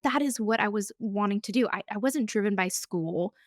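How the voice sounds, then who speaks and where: A woman's voice: medium pitch, moderate pace, no echo, studio quality. A woman in her thirties hosting her podcast alone, telling her story in an earnest, candid and openly emotional way. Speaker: podcast host. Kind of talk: solo podcast monologue.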